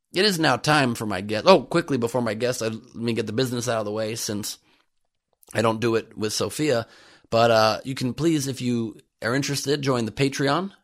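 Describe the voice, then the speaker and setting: Sarcastic male podcast host riffing. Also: mid-range voice. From United States. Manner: sarcastic, jokey riffing on the news. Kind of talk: comedic podcast monologue.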